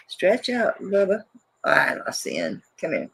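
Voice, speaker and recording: A woman's voice: low-pitched, big pitch swings, normal speed, vocal fry, a little hiss or hum. A woman hosting a live jewelry auction, chatting casually and rambling, laughing often as she shows pieces. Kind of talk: casual live-stream selling chat.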